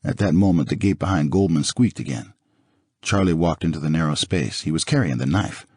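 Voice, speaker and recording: A man narrating an audiobook in the first person with a dramatic, expressive reading. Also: a bass voice, a little fast, breathy edge, dry recording, clean studio sound.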